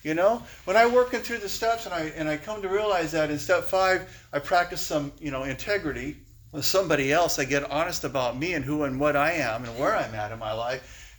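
Man, recovery meeting testimony, candid, emotional, slightly high voice. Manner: emotional, candid, with frequent laughs and restarts. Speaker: speaker sharing at a recovery meeting. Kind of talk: personal testimony talk.

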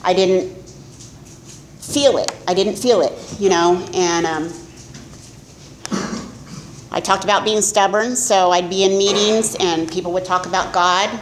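A middle-aged woman speaks candidly about her own recovery at a meeting, mocking herself along the way. Her voice sits a little low. The room is echoey, with a faint hum of ambience behind her. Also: fairly even intonation, a little slow, long pauses. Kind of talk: personal testimony talk.

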